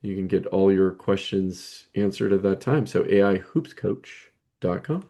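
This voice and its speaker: A man co-hosts a coaching podcast in a low voice. He chats casually, dropping "you know" and "right" between his points. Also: unhurried, mellow.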